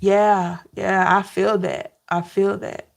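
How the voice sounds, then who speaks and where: A woman tarot reader sharing personal memories in a slow, emotional, heartfelt way, with soft hums between thoughts. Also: medium pitch, level tone, vocal fry. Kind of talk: personal reflective talk.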